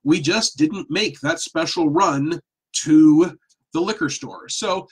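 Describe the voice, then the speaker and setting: A middle-aged man tells a personal anecdote in a relaxed, animated way, poking fun at himself. His voice is a bit husky and sits slightly high for a man. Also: slow. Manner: animated, self-deprecating. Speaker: storyteller. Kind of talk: casual storytelling.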